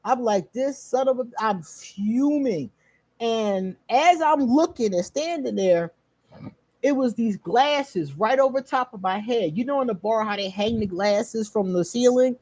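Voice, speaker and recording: A fairly high-voiced woman hosts her own channel and tells a story in a casual, animated way. She laughs often and swears freely. Her voice swings widely in pitch and sounds dry and close. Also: measured pace, no echo. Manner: talks straight to viewers. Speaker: channel host.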